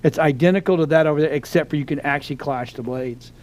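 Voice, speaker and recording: A middle-aged man co-hosting a relaxed chat, his voice sitting a little high. He rambles through stories, restarting sentences and reaching for words as he goes. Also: fast talker. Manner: rambling storyteller, many restarts and fillers. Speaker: podcast co-host. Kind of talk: casual chat.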